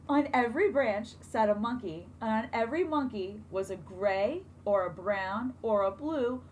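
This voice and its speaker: A woman teacher reading a picture book aloud to children, expressive and asking them questions along the way. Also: a little high, moderate pace, few pauses, slight background noise, poor audio.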